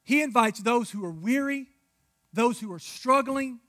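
A male pastor in his thirties preaching with lively storytelling, dropping to hushed asides and then rising to loud bursts. His voice sits high and bright. The sound is close and dry. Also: a little slow, dry recording. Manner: animated storytelling with big swings from hushed to loud. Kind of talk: sermon.

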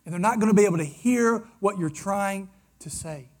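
A man preaching a sermon to his congregation, swinging between loud declarations and hushed, close asides. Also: high voice, moderate pace. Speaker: pastor.

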